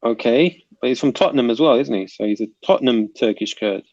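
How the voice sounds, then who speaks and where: Male streamer-host, gravelly, dry and muffled online audio, reads the chat aloud and banters. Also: mid-range voice, brisk, a little mellow, no echo. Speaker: livestream panel host reading chat. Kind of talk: casual livestream chat.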